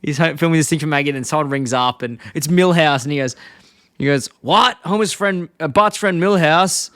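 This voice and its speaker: A man's voice: on the high side, a little fast, a bit bright, clean tone, no echo, clean studio sound. A tipsy man, co-hosting a podcast in casual chat, laughing as he retells scenes and quotes lines. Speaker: podcast co-host.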